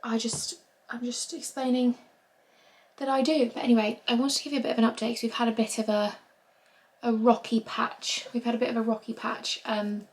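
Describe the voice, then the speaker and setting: Young woman, a little high, candid home vlog, emotional rambling delivery. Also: level tone, a little fast, breathy edge. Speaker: vlogger. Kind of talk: casual confessional vlog. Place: bedroom at home.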